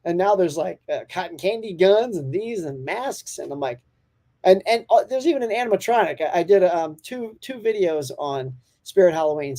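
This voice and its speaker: A man's voice: fairly high pitch, darkish tone. A man hosting a casual morning live-stream chat, upbeat and talkative, laughing often as he reads out and answers viewer comments.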